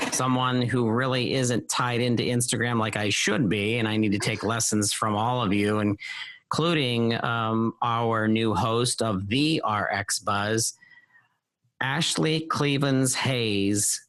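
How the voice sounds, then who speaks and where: Rich: An enthusiastic man hosting a podcast, effusive in his welcome. His voice sits at an ordinary pitch for a man. The recording is close and dry. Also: steady tone, slow, fairly bright tone, no room sound. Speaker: podcast network host. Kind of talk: podcast interview.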